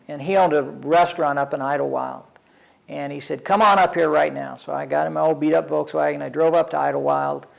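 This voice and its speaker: A man's voice: a little high, gravelly, rough recording. An older man, an addiction counselor, telling his own recovery story in a wry, self-deprecating, conversational way. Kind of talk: personal storytelling.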